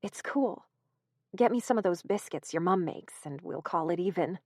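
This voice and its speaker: A woman's voice: lowish voice, animated, moderate pace, darkish tone, no room sound. A woman reading an audiobook gives voice to a wounded young woman with a dry, sarcastic wit. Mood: wry. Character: injured young woman, wry and stubborn.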